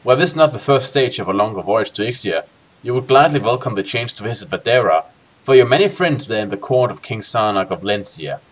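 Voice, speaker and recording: A man's voice: fairly low pitch, lively intonation, a little fast. A man hosting a co-op game session, reading a gamebook aloud expressively and tossing in joking asides. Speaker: let's play host.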